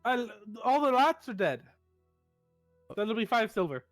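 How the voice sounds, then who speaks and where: Man, player, high voice, playful casual chat. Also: big pitch swings, unhurried, fairly bright tone, dry recording, soft background music.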